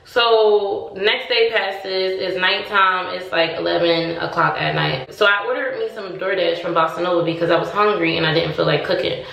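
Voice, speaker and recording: A woman's voice: fairly low pitch, moderate pace, gravelly, hardly any pauses, recorded from a distance. Chatty woman telling a story, echoey room. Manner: chatty, animated, acts out both sides of conversations. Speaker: storytime vlogger. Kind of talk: casual storytelling to camera.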